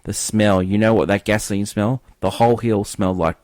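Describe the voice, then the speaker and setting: A brash, swaggering cavalry colonel, as a man puts him on, loud and full of himself. The voice is boisterous and carries a swagger. The sound is dry and close. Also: fairly low pitch, steady tone, fairly quick, dry recording, lightly acted. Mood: relishing.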